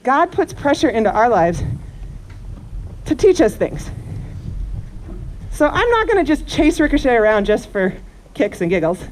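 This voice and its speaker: A woman horse trainer teaches a live group while working a horse outdoors. Her voice sits fairly high and moves through a lively range as she coaxes the animal between explanations. Constant outdoor noise sits behind her. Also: a little slow, long pauses. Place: outdoor horse pen at a camp. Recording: noisy outdoor recording.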